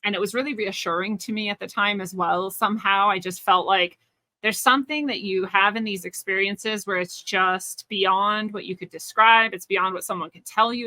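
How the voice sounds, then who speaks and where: A woman's voice: medium pitch, bright, forceful tone, no echo. A woman being interviewed as a spiritual teacher, telling a personal story in an earnest, searching way with frequent restarts.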